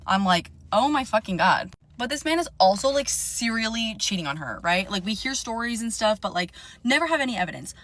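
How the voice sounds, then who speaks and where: A young woman telling a dating story in a casual, animated rant, swearing often and sounding indignant. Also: on the high side, a little fast, hardly any pauses.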